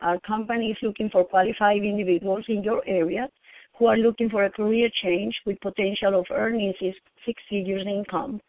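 An older woman with a Venezuelan Spanish accent, talking fast in a sweet, apologetic way while she practices a sales call. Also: medium pitch, steady tone, no room sound. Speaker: sales trainee. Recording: tinny phone line.

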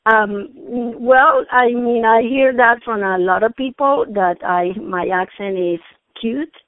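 Older Venezuelan woman, sweet and apologetic, fast talker, practice sales pitch, heard over a phone line. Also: no echo. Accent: Venezuelan Spanish. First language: Spanish. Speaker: sales trainee.

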